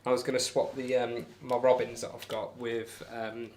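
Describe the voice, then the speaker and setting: A man's voice: medium pitch, little pitch movement, normal speed, a little mellow. A young man chatting casually on a live stream while he throws darts, rambling, poking fun at himself and answering viewers. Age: young adult. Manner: rambling, self-deprecating, reads out and answers chat. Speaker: darts livestreamer.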